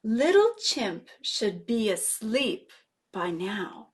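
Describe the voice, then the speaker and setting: A woman librarian reading a picture book aloud at children's story time, playful and animated, gasping and asking the children questions. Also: fairly high pitch, slow. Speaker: guest librarian.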